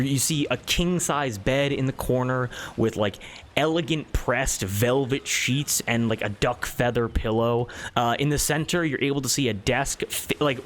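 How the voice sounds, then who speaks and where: A man's voice: medium pitch, a little hiss or hum. A man narrating a tabletop game as game master, rambling with many fillers.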